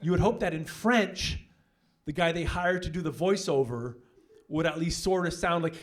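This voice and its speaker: A young man works a comedy club crowd in a slightly high voice. He is brash and profane, shifting into animated storytelling. A faint hiss sits under the handheld-mic stage recording. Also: normal speed. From Canada. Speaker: stand-up comedian. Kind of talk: stand-up comedy set.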